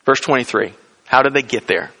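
A man's voice: a little fast, creaky, pushed and bright. A man preaching a sermon in a conversational way, often asking the listeners questions and acting out quoted lines. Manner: conversational, asks the congregation questions; acts out quoted lines with rising pitch. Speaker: pastor.

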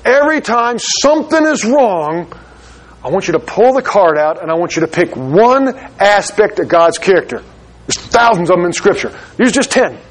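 A man preaching a sermon as pastor of his church, urgent and slowing down for emphasis. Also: high voice, very animated.

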